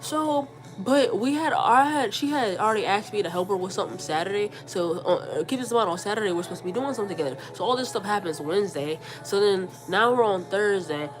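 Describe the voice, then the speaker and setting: A woman's voice: mid-range voice, fairly quick, hardly any pauses, soft background music. A young woman telling a personal story in a casual, slangy way, repeating words and acting out what people said. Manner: animated, slangy, repeats words, acts out quotes. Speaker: storyteller vlogger.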